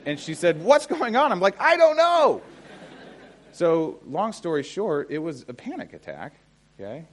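A middle-aged man preaching a sermon in a conversational way, often checking in with his listeners. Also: mid-range voice. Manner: conversational, often asks "okay?". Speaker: pastor.

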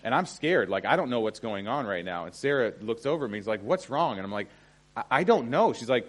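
A man's voice: mid-range voice, animated, quick pace. A middle-aged man preaching a sermon in a conversational way, often checking in with his listeners. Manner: conversational, often asks "okay?". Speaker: pastor.

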